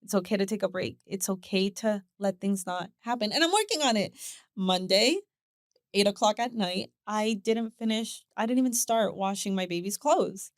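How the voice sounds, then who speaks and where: A woman, a podcast guest, telling a personal story with lively acted quotes, repeated words and frequent laughter. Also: medium pitch, normal speed, no room sound, studio quality. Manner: animated storyteller who acts out voices, repeats words and laughs often. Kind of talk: casual interview chat.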